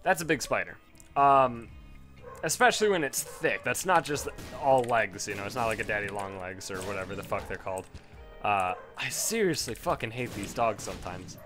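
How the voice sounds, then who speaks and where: A man rambling through casual gameplay commentary, telling a story with lots of swearing and sudden excited jumps in pitch. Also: normal speed, music in the background.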